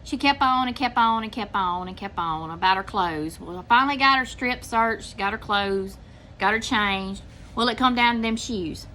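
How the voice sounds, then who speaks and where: A woman's voice: mid-range voice, normal speed, bright, forceful tone, slight background noise. An older woman with a Southern US accent, casually telling a long story to her viewers and acting out what people said. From Mississippi, US. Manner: chatty, drawling, acts out quotes. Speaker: channel host telling a story.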